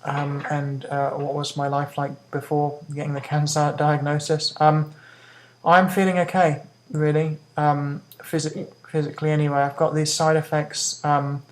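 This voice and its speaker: A woman's voice: low voice, monotone, darkish tone, poor audio. A woman hiccuping as she talks to camera in a hesitant vlog update, with many ums and restarts. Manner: talks fast. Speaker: vlogger giving a health update. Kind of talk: casual talk to camera.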